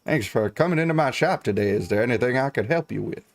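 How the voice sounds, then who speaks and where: A man voicing a folksy old-timey male apothecary who sells snake oil, with slow, courtly shopkeeper patter. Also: mid-range voice, lively intonation, lightly acted. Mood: welcoming.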